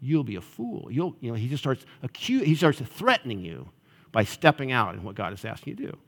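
A man's voice: medium pitch, wildly swooping pitch, fairly quick, a bit bright. A male pastor giving a sermon in a conversational style, often checking in with the audience. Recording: long reverb of a large hall.

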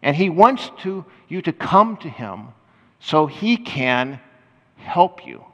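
Animated older preacher in reverberant hall. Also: male voice, a little high, slow, highs cut off. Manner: animated, conversational preaching with laughs and restarts. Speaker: pastor. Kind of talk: sermon.

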